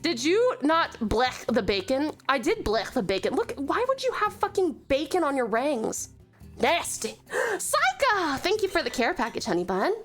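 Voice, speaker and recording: A woman's voice: sits high, sing-song, moderate pace, faint music behind. A woman from Tasmania, streaming a game, gushing over her chat with pet names and swearing freely. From Tasmania, Australia. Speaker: VTuber streamer.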